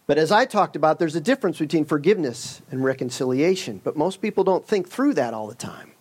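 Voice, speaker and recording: A preacher delivers a sermon in a relaxed, conversational way, his slightly rough voice sitting a little higher than most men's and moving at a quick pace. He works in a funny story and makes joking asides throughout.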